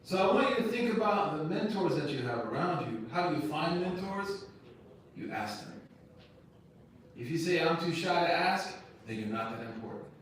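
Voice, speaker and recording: A man's voice: on the high side, very animated, moderate pace, slight background noise. A man, an imam, giving a casual lecture to students, talking directly and conversationally with slang and rhetorical questions. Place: university lecture room. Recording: echoey room, picked up from a distance.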